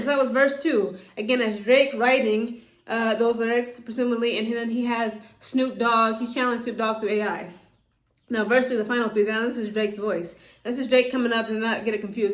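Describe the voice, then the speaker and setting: A woman's voice: fairly high pitch, steady tone, fairly quick. Chatty woman in an echoey room. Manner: rambling, filler-heavy, reads lyrics aloud. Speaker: commentary vlogger. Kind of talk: casual commentary on rap news.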